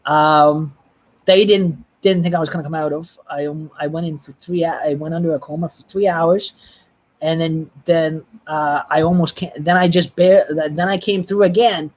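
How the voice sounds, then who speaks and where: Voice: medium pitch, steady tone. Rambling, profane live streamer. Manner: rambling, halting, blunt and profane. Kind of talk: casual live-stream storytelling.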